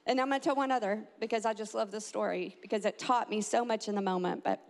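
A mother telling a family story, animated and acting out the quotes with big jumps in pitch. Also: quick pace. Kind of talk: personal storytelling. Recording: long hall reverb.

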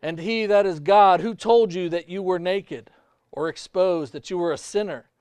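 A man preaching a sermon as pastor, emphatic, with big swings in pitch and loudness. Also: moderate pace, smooth, dry recording.

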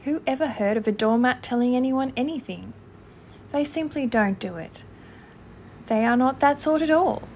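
A woman's voice: a little high, normal speed, slight background noise, natural voice. A woman voicing a peevish, complaining male mole in a storybook reading. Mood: pettish. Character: fussy, grumbling male mole.

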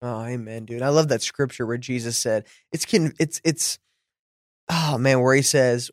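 A man hosting a faith podcast, talking fervently and slowing into heartfelt prayer. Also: medium pitch, no echo, studio quality. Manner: fervent, preacherly, slows into prayer. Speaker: podcast host.

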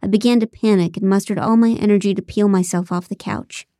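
A woman narrating an audiobook in the first person, telling the story in an even, wry way. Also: medium pitch, quick pace, no echo, studio quality. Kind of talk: scripted narration.

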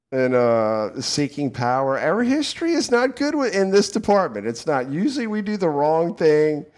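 A middle-aged man with a Southern American accent, co-hosting a casual talk show, animated and fond of swearing and laughing. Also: medium pitch. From southern United States. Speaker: podcast co-host. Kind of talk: casual chat.

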